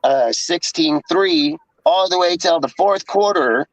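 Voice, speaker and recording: Amid crowd noise, a man with a voice on the high side speaks slowly, ranting in exasperation and profanity about a football game. He's a podcast co-host in casual sports talk, captured in dull, dry, lo-fi sound.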